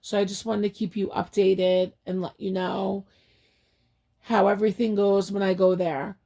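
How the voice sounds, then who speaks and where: A woman's voice: medium pitch, level tone, moderate pace, gravelly, warm tone. A woman vlogger anxiously retelling conversations in a personal update, sounding overwhelmed.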